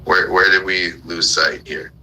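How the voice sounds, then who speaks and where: A man's voice: sits low, steady tone, a little slow, pushed and bright, poor audio. A man from the United States hosting a live audio room, ranting angrily and full of profanity, firing off repeated commands and questions. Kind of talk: heated political rant.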